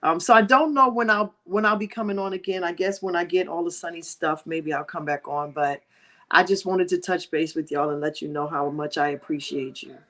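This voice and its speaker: Middle-aged woman host, grieving and near tears; earnest, prayerful direct address to viewers, lower pitch. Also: brisk, a bit bright. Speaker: livestream host. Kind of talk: heartfelt livestream talk.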